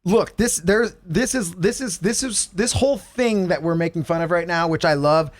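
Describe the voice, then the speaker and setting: A man co-hosting a casual podcast, animated and profane, slipping into mocking impressions of radio voices. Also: sits high, moderate pace, no echo. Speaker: podcast co-host.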